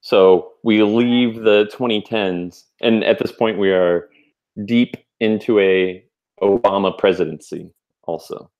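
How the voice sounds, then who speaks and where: A man's voice: lowish voice, slow, a little mellow, lo-fi sound. A young adult man co-hosting a podcast, chatting casually and rambling with lots of fillers and restarts. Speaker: podcast co-host. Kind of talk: casual chat.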